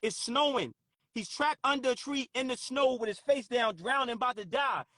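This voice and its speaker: A man hosting a talk stream with callers, speaking in a profane, forceful, preachy way. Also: extremely high pitch, moderate pace, no echo, clean studio sound. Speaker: host.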